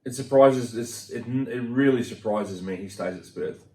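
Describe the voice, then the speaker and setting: A man's voice: medium pitch, normal speed, warm tone, recorded from a distance. A man chatting casually about football as a podcast guest, rambling with lots of fillers. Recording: roomy sound from off-mic.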